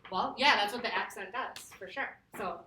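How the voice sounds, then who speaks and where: A woman teacher giving a classroom lesson, lively and laughing, stretching words out slowly to model them. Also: medium pitch, a little hiss or hum. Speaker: Spanish teacher. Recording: echoey classroom from far off.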